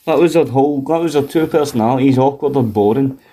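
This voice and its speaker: Sweary jokey man, mellow voice. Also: fast talker. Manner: sweary, jokey, bursts into high silly voices. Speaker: podcast co-host. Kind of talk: casual chat.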